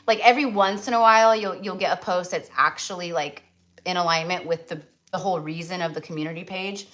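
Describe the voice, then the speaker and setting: A middle-aged woman hosting a tarot livestream from a rural home, chatting in a rambling, animated way, full of "like" and the odd swear word. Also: fairly low pitch, fairly quick. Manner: animated, filler-heavy ranting with frequent "like" and swearing. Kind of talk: rambling casual livestream chat.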